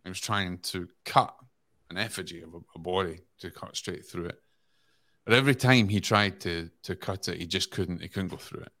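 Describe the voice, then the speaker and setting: Scottish male guest, very low register, calm reflective storyteller. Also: moderate pace. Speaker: podcast guest. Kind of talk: casual podcast talk.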